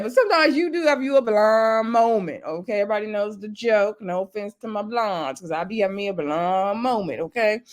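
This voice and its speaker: A chatty woman, casually recapping a reality show episode. She laughs often and acts out the cast members' lines. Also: medium pitch.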